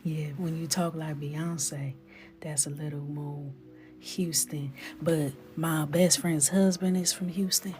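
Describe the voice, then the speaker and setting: A woman's voice: low-pitched, fairly even intonation, slow pace, warm tone, faint music behind. A woman hosting a live coloring stream, chatting playfully with her viewers and often dropping into a whisper. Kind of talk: casual live-stream chat.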